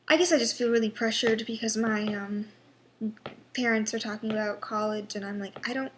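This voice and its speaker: A young woman in a personal vlog, talking haltingly with many pauses and restarts, sounding frustrated and worn down. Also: fairly high pitch, fairly bright tone, a little hiss or hum. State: unwell. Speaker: vlogger.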